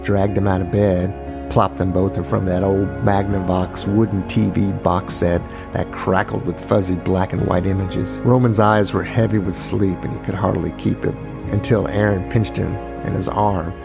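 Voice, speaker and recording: A man narrating a true crime family story as a podcast host, unhurried and pausing, now and then voicing the people in it. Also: deep voice, flat delivery, creaky, music in the background.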